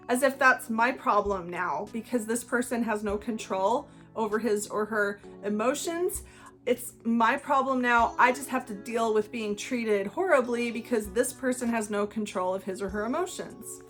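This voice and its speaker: A woman's voice: on the high side, normal speed, fairly bright tone, soft background music. A woman talking earnestly and conversationally to her viewers, explaining things in a solo video. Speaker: channel host. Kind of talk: explanatory solo talk to camera.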